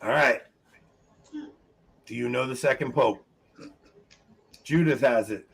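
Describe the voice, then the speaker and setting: A man hosting a casual trivia show, chatty and quick to laugh, calling out names as people answer. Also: medium pitch, creaky, a bit bright, husky. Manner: chatty, laughs often, reads names from chat. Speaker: quiz show host.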